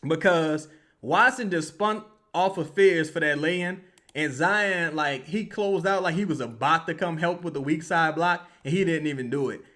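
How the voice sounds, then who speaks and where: A man hosting a live basketball watch-along, reacting to plays with heated, profane commentary that swings from yelling to low muttering and repeats the same complaints. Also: moderate pace.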